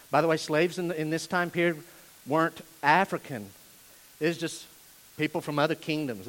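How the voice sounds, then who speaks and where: A man preaching a sermon as pastor, animated and at times shouting. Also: a little high.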